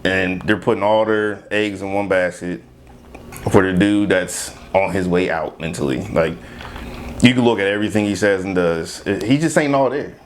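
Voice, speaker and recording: A man co-hosting a casual chat, a military veteran who talks bluntly, jokes and laughs loudly. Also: sits low, moderate pace, slight background noise.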